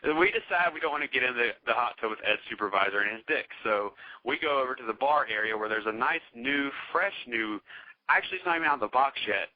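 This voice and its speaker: A man's voice: medium pitch, quick pace, no room sound. A man casually telling a wild story as a podcast guest, swearing freely and acting out what others said. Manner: animated, profane, acts out quoted voices. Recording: dull, dry lo-fi podcast audio.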